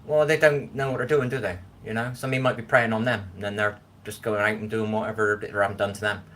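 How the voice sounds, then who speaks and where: Speaking fast in a lowish, slightly bright voice with level intonation, this Scotsman chats loosely on a live stream from his kitchen. He rambles and keeps checking in with "do you know what I mean." A little hiss or hum is audible.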